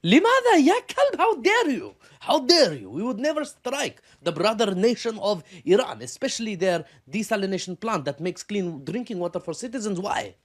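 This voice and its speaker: A man putting on a shrill, indignant male Gulf state spokesman with a mock Arab accent. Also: huge pitch swings, moderate pace, exaggerated voice. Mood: outraged.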